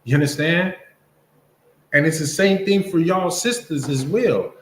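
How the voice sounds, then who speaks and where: A man with a slightly high voice teaches a Bible class at a measured pace, in a casual, conversational preaching style. He keeps checking in by asking "you understand?", and the recording has a roomy echo with slight background noise.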